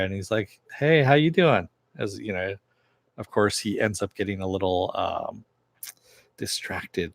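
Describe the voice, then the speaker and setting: A man's voice: fairly low pitch, dry recording. Guy rambling thru a tv episode recap, lots of uh and you know, dry close sound. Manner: rambling retelling full of fillers. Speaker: TV episode reviewer.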